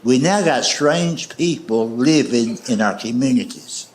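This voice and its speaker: Wry Southern comedian with a lively voice. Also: male voice, mid-range voice, a little slow. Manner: folksy, wry. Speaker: stand-up comedian. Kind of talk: stand-up storytelling. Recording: echoey live show with faint noise.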